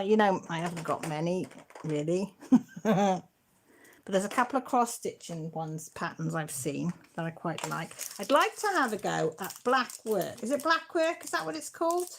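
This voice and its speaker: A woman's voice: a little high, slight background noise. Chatty, emotional woman. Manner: chatty, warm-hearted, emotional and teary. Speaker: craft channel host. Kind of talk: casual live-stream chat.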